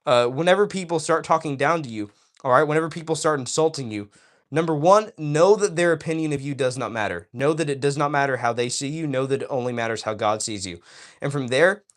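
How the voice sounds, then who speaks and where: A man's voice: on the high side, fairly quick. Enthusiastic preachy man, streamer. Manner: enthusiastic and preachy, addressing viewers directly; keeps asking "all right?". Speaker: livestream host. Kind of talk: casual livestream chat, reading chat aloud.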